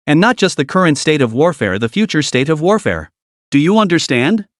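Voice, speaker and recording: Male narrator for a story recap, lively delivery with a wide pitch range and dry close sound. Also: no room sound. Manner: animated storytelling, voicing all the characters' lines.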